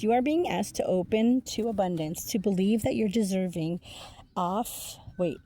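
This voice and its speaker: A woman with a mellow, medium-pitched voice gives a casual tarot reading as an intuitive reader. She's chatty and laughs often, swearing freely amid many fillers.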